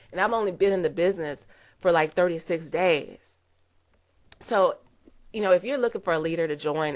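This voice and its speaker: A woman giving an earnest, emotional testimonial to camera, close to tears, with many "you know" fillers. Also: on the low side. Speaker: network marketer giving a testimonial.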